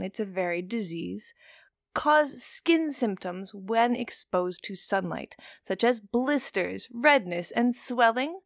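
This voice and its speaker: A woman's voice: mid-range voice, gravelly, fairly bright tone, no echo. Chatty woman podcaster, dry close sound. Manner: chatty, digressive, jokey asides. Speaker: podcast host. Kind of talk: casual podcast monologue.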